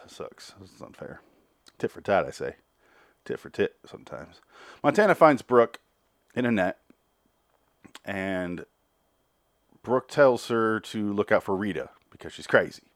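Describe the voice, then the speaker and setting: A man's voice: low voice, fairly bright tone, no room sound. A man casually recapping a TV episode, rambling with crude jokes and acted-out quotes. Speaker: TV recap commentator.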